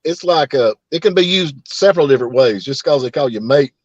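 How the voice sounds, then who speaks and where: A man's voice: medium pitch, lively intonation, brisk, no room sound, lo-fi sound. A man with a Southern American accent chatting casually, drawling and joking, repeating new words to try them out. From Southern United States. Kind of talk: casual chat.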